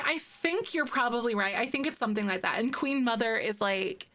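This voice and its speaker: Playing a life-sim game on stream, this young woman answers her chat in a bubbly, chatty manner, saying "like" constantly. Her voice is fairly high and a little bright.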